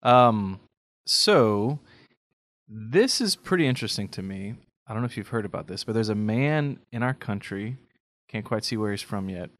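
A man's voice: lowish voice, animated, moderate pace, a bit bright, dry recording. A man co-hosting a casual faith podcast, talking earnestly and thoughtfully, often checking in with "right?". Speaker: podcast co-host.

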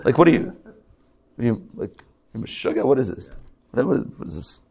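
A man who is a rabbi, giving a lively live sermon to a congregation, joking and acting out mock quotes in between his points. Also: medium pitch, normal speed, creaky, slightly rough. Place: synagogue hall.

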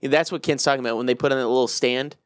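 A man's voice: mid-range voice, fairly even intonation, very fast, no echo, studio quality. A man co-hosting a podcast, joking and teasing while explaining things loosely. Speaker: podcast co-host. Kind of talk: casual chat.

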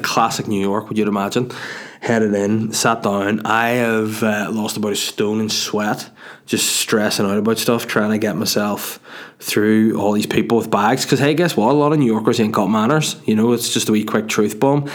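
A man's voice: fairly low pitch, steady tone, normal speed. A man hosting his own podcast from his dining room, telling a profane, self-mocking, rambling story with stumbles and restarts. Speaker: podcast host and stand-up comedian. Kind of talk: casual solo podcast storytelling.

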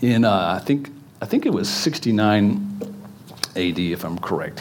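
A man's voice: fairly low pitch, animated, normal speed, a little hiss or hum. A man preaching a casual sermon, chatty and joking with the congregation, with many fillers and restarts. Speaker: pastor. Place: church in front of a congregation.

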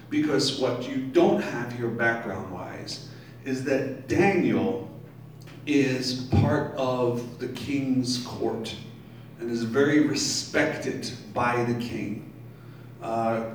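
A man's voice: mid-range voice, a little mellow, slight background noise. A male pastor reading scripture aloud and stopping to explain it in a sermon. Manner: reads scripture, then pauses to explain it. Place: brewery taproom. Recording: very echoey room, distant mic.

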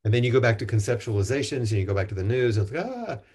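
A man leading a spiritual talk and group chanting, speaking gently and encouragingly with halting restarts. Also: lowish voice, breathy edge. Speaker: Zen teacher.

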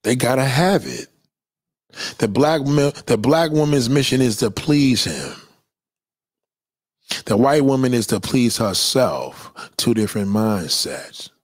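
A man's voice: medium pitch, animated, slow pace, pauses often, no room sound, clean studio sound. A man delivering a blunt, profane, opinionated monologue in a lecturing tone.

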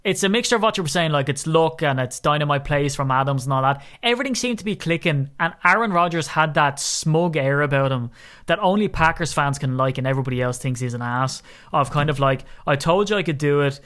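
A man co-hosting a casual sports podcast, joking and exaggerating as he talks. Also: brisk. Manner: animated, joking, exaggerating with rising pitch. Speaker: podcast co-host.

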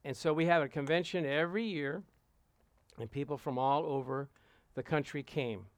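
A man preaching to a congregation, telling a lively anecdote and acting out the voices of the people in it. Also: a little high, normal speed, clear, resonant tone, no echo. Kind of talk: storytelling sermon to a congregation.

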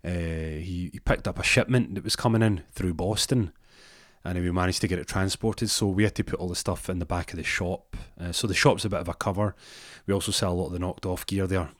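A man's voice: sits low, steady tone, brisk, no room sound, clean studio sound. A man telling a comic story casually, rambling with restarts and asides.

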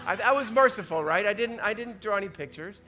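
Folksy joking preacher, high and bright. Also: male voice, animated, brisk, faint music behind. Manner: folksy, joking, acts out inner voices. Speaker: pastor. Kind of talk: conversational sermon.

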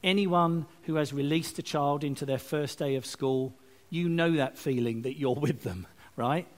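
A man giving a lively, chatty sermon with asides and self-mocking jokes. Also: a little high, normal speed. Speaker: preacher. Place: church service, streamed online.

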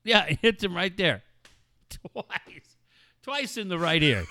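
A man on a casual talk show, trading crude banter and mocking impressions, loud and animated. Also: sits high, slow, no echo, clean studio sound. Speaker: co-host.

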